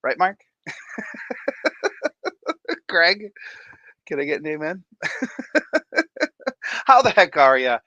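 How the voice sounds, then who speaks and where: A man's voice: a little high, sing-song, slow pace, long pauses, pushed and bright, no room sound, muffled recording. A man hosting an aquarium channel, chatting to camera in a playful, jokey way, with showman hype and frequent laughs. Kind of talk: casual chat to camera.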